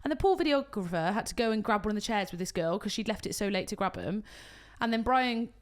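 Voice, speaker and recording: A British woman and wedding coordinator, co-hosting a podcast and telling an animated story full of acted-out quotes. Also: medium pitch, fast. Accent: British English. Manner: animated storytelling, acts out quotes, swears casually. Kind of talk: casual chat, storytelling.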